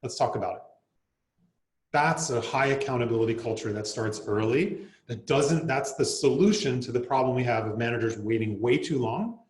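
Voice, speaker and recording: A man's voice: mid-range voice, normal speed, few pauses. Man presenting in a roomy space. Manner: conversational, acts out quoted lines, tags "right?". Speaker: workshop presenter. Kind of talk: presenting a workshop talk. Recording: roomy echo.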